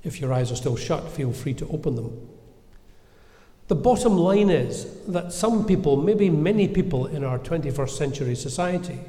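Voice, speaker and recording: Preacher in an echoey church. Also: male voice, on the high side, expressive. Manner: measured, gentle, earnest preaching with reflective pauses. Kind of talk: sermon. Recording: echoey church with long reverb.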